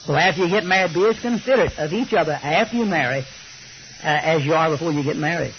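A man's voice: on the high side, expressive, fast. An older man preaching a sermon, telling folksy, joking stories. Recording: slightly muffled recording with faint hiss.

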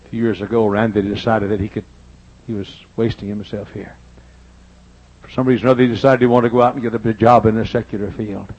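An older man preaching a sermon in church, telling personal stories and swinging between loud emphasis and hushed asides. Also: on the low side, level tone, fast, lo-fi sound. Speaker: pastor. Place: church sanctuary.

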